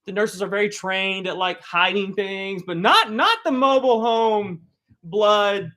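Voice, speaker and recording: A man with a somewhat high voice tells a comic story about himself to a live audience. He is animated and pokes fun at himself. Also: unhurried. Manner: animated, self-mocking, acts out loud quoted lines. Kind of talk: comedic personal storytelling.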